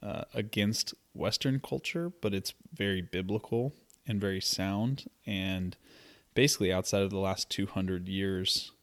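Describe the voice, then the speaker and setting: A man's voice: low voice, measured pace. A man co-hosting a podcast, talking in an easygoing way with plenty of ums and uhs. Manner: easygoing, plugging with filler words. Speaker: podcast co-host. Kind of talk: casual podcast chat.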